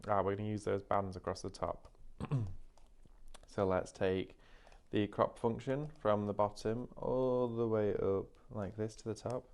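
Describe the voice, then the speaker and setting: Low-voiced man demonstrating crafts. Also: steady tone, unhurried, vocal fry, darkish tone. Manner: chatty step-by-step explaining. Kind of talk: live shopping craft demo.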